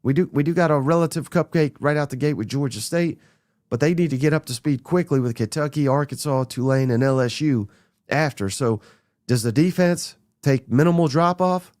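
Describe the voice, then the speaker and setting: A man hosting a sports podcast, talking bluntly and excitedly through a list of names, a little under the weather. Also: a little high, moderate pace, no echo, clean studio sound. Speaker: podcast host. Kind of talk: casual sports talk monologue.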